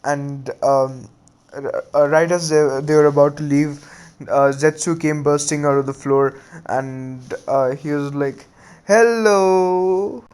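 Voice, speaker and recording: A man's voice: on the high side, little pitch movement, measured pace, a little mellow, clear, resonant tone. A man casually retelling a fan story in a rambling, hesitant way.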